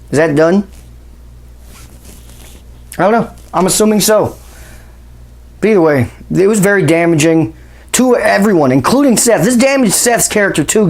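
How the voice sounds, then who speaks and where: A man hosting a wrestling channel, ranting in a casual, exasperated and profane way with bursts of sarcasm. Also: high-pitched. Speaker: wrestling commentary host.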